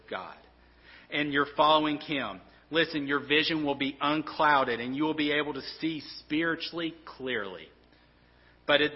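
A man preaching a sermon as a pastor, earnest and often stumbling over and repeating his words. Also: medium pitch. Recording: dull, reverberant hall sound.

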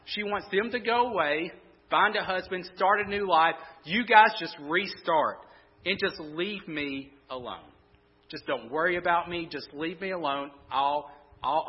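A man's voice: high-pitched, slightly rough. A man preaching a sermon, conversational and repeating words as he thinks aloud. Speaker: pastor. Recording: muffled sound in a reverberant hall.

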